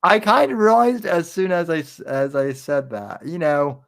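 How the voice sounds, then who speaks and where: A man hosting a podcast in casual chat, speaking haltingly with lots of restarts and a bemused tone. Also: a little high, vocal fry, a bit bright. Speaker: podcast host.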